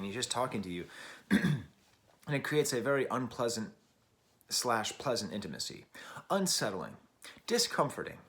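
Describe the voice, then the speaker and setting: A man's voice: medium pitch, fairly bright tone. An American man hosting his own record review, musing aloud in a digressive way and searching for the right words. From United States. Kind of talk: casual album review.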